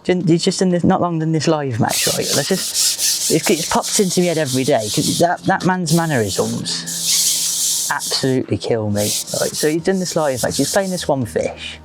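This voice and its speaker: A man's voice: fairly high pitch, lively intonation, moderate pace, background noise. A man giving a rambling, casual commentary while fishing outdoors at a lake. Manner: chatty, rambling, leans on fillers like "just". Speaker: match angler presenting the video.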